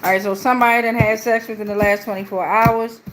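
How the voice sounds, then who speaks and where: A woman giving a casual, playful tarot reading on a livestream, slangy and loose with cursing, who slips into a low, steady voice for a protective prayer. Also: fast talker, slight background noise. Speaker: tarot reader.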